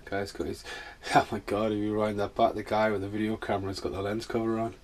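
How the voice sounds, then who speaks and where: A man's voice: fairly low pitch, flat delivery, a little fast. A man hosting a podcast with a rambling film commentary, laughing often. His speech is a little slurred and he sounds like he is in pain. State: injured, in pain. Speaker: podcast host.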